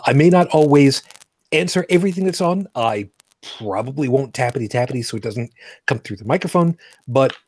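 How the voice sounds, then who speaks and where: A man's voice: mid-range voice, a little mellow, dry recording. A man hosting a casual live podcast, joking and rambling as he greets viewers. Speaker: podcast host. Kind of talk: casual livestream chat.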